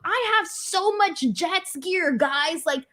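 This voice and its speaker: A young woman with an extremely high, bright, pushed voice speaks slowly with lively intonation. She hosts a wrestling show livestream, reading super chats and telling funny stories in a chatty, self-mocking way.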